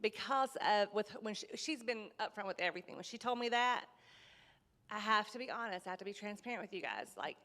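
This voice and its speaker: Woman guest, earnest and halting, mid-pitched, reverberant room sound. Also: a bit bright. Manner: earnest, halting, with emotional rises. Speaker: kidney recipient, guest. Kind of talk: casual chat.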